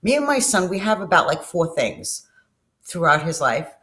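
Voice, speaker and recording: A woman's voice: on the low side, big pitch swings, normal speed, a bit bright. A middle-aged woman speaks straight to her viewers in a casual vlog, telling personal stories. She is candid and emotional and swears freely. Her sentences often trail off and start again. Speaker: vlogger. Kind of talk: casual personal storytelling to camera.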